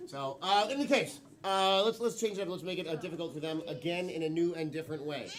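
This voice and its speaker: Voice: medium pitch, quick pace. An improv comedy host on a club stage, energetically prompting the audience and players. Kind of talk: live improv hosting. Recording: loud live audience. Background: audience noise.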